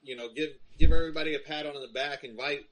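A man in a casual group discussion who chimes in with quick interjections. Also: on the high side, steady tone, rough recording. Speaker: forum participant.

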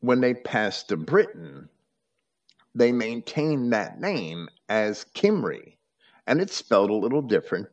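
A man holds forth in a conversational lecture, his voice sitting low but swinging widely in pitch. He trips over his own words, restarting and doubling them. The recording is dull and lo-fi. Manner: stammering restarts, repeats words. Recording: muffled lo-fi audio.

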